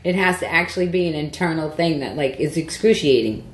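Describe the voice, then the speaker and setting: A woman comedian telling a story in casual podcast chat, animated and profane, acting out the voices she quotes. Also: deep voice, a little fast, roomy sound, a little hiss or hum.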